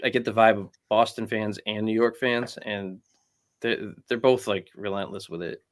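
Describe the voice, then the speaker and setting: A man's voice: fairly low pitch, fairly even intonation, moderate pace. A man co-hosting a casual sports chat, rambling and filling his talk with "like" and "bro". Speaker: podcast co-host.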